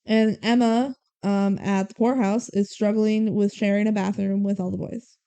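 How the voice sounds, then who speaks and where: A woman's voice: medium pitch, clear, resonant tone. A young woman co-hosting a podcast, recapping a movie in casual chat and playfully mimicking the characters. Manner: animated retelling, quick mimicking of characters. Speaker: podcast co-host.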